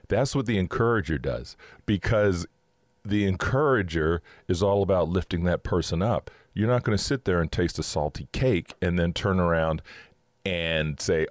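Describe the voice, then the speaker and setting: A man's voice: deep voice, normal speed, a little mellow, no room sound. A man hosting a casual faith talk, upbeat and chatty, laughing often as he teaches. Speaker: podcast host.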